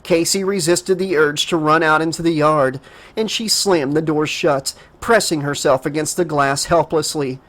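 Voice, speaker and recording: A man narrating a horror audiobook dramatically, raising his pitch for a frightened girl's lines. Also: fairly even intonation, normal speed, a bit bright. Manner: emotive reading, voices the girl in a higher pitch.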